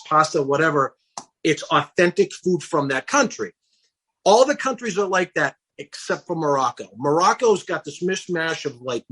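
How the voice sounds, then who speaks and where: A middle-aged man tells his story as a podcast guest, acting out the lines he quotes. His voice is husky and sits a bit high for a man. He talks in a loose, animated way. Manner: animated storyteller who acts out quoted dialogue. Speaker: guest, campaign founder. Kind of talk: casual podcast interview.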